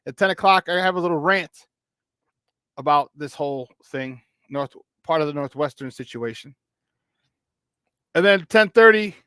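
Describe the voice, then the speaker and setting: A man's voice: a little high, fairly bright tone, no room sound. Chatty sports radio host man. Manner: rambling, slips into Spanish phrases. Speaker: sports talk show host. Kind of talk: casual morning show chat.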